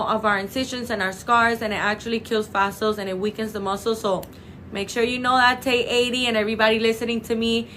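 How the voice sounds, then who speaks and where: A woman's voice: on the high side, a bit bright, a little hiss or hum. Gushing young woman on a live stream. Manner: gushing, affectionate, calls viewers babe and girl. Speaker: clinic livestream host. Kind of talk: chatty live stream talk. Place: cosmetic clinic office.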